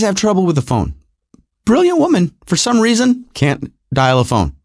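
A middle-aged man tells a personal story in a self-mocking, repetitive way. His pitch is slightly high and swings widely. The recording is dry and close, with no room sound. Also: huge pitch swings, normal speed, a little mellow, no room sound.

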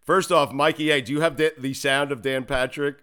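A man hosting a sports talk show, excitable and joking, laughing often and swearing in casual banter. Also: fairly high pitch, fairly quick. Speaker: host.

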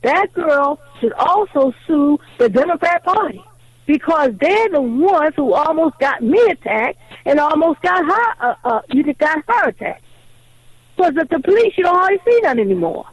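A very high-pitched woman calls in to a talk radio show. She tells her story in an animated, indignant way. The phone line sounds dry and close. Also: normal speed, no room sound. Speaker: caller.

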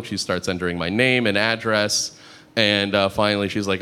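Deadpan man doing stand-up comedy. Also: on the low side, brisk, clean tone. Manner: deadpan storytelling, dry asides, acts out others' lines. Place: comedy club stage before a live audience. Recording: live club recording with audience noise.

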